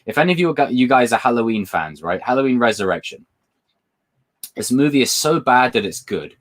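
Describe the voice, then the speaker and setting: A British man hosting a livestream speaks a little fast at a medium pitch, with big swings in his intonation. He chats informally and meanders between topics while reading comments from viewers.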